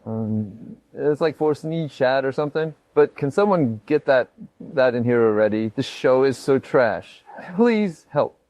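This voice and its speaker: A man's voice: mid-range voice, animated, unhurried, darkish tone, no room sound, close to an everyday voice. An AI voice of a man playing a crude, sarcastic, irritable streamer. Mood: whiny. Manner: swearing, sarcastic, whiny.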